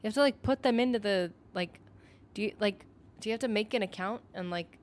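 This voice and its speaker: Rambling, animated woman streamer. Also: mid-range voice, brisk. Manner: rambling, animated, heavy use of "like". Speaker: gaming streamer. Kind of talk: casual live-stream commentary.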